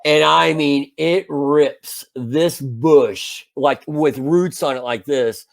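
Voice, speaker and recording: A man in his fifties casually telling a long anecdote as a podcast co-host, animated and full of restarts. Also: fairly high pitch, slow, vocal fry. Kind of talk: casual storytelling chat.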